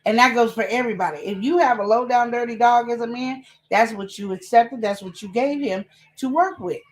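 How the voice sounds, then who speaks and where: A woman co-hosting a live relationship advice show, chatting casually and fast, full of energy. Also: a little high. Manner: chatty, animated, talks fast and laughs.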